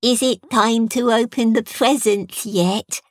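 A woman's voice: on the high side, fairly even intonation, slow, no echo, clean studio sound, voice pushed up. A woman voicing a small, earnest boy who speaks with a lisp, in a read-aloud story. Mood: eager. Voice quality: lisping.

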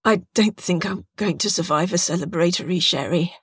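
Woman reading as a weary sardonic heroine, dry grudging delivery, lowish voice, dead-dry sound, audiobook. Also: animated, takes it slowly, dry recording. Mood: faint. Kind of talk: audiobook character voice.

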